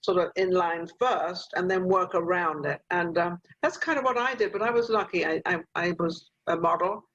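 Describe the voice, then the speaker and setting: Older woman host, husky voice, dull video-call sound, chatty mentor. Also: on the low side, normal speed, fairly bright tone.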